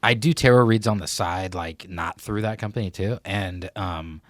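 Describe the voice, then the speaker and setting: A man's voice: low voice, normal speed, no echo, clean studio sound. A man in his thirties co-hosting a podcast, talking in a laid-back, slangy and heartfelt way. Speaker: podcast co-host and psychic tarot reader. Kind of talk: casual podcast chat.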